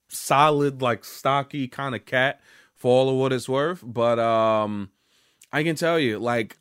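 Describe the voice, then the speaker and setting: Speaking in a mid-range voice with a clean tone, a young vlogger relates a story straight to the camera. The studio-quality recording carries no room sound, and his casual telling is loose, profane and packed with restarts and fillers.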